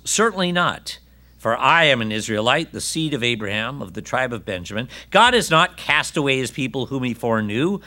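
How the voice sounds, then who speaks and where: A man's voice: mid-range voice, animated, fairly quick, bright, forceful tone. A man preaching a sermon who reads scripture aloud, acts out its voices and asks his listeners questions.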